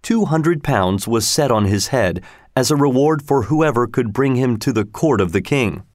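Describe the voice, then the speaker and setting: A man reading a storybook aloud in a measured, even way. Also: medium pitch, dry recording, studio quality. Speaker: narrator. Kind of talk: scripted storybook narration.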